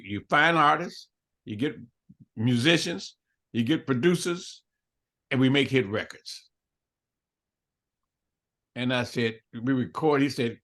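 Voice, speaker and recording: An older man with a medium-pitched, slightly bright voice tells a story as an interview guest. He acts out both sides of the dialogue and laughs often.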